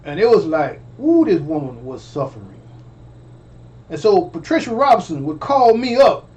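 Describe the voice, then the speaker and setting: This storyteller vlogger has a high, sing-song, slightly mellow voice and talks at normal speed. Recounting a personal story casually, he stammers, repeats himself and addresses his audience directly.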